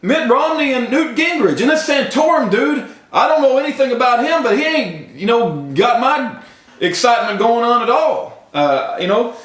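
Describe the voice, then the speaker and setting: A man, ranting straight to a camera at home, impassioned and breaking into yelling. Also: very high voice, very animated, normal speed. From Texas. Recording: roomy echo.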